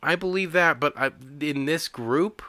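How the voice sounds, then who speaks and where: A man co-hosting a casual movie-recap podcast, incredulous and animated, swearing and acting out characters' lines. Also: a little high, a little slow, dry recording. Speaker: podcast co-host.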